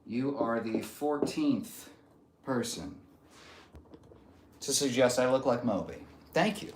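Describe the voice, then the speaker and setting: A man's voice: medium pitch, slow pace, reverberant, very noisy. A man hosting a casual livestream and reading out viewer comments, easygoing and often trailing off into a murmur. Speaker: livestream host. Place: home room on a stretching livestream.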